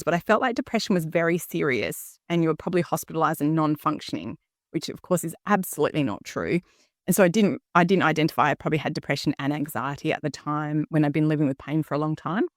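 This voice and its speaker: A woman's voice: deep voice, fast talker, no echo, studio quality. A woman, hosting her own podcast and talking earnestly and candidly, with frequent ums and "okay?" check-ins. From Australia. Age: 50s. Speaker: podcast host. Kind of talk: personal solo podcast talk.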